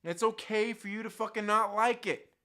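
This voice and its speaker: This YouTube host's voice is high-pitched, bright and forceful, with a steady tone at normal speed. He rants to his viewers without a script, heated and cursing nonstop. He mimics other people's opinions in mocking put-on quotes.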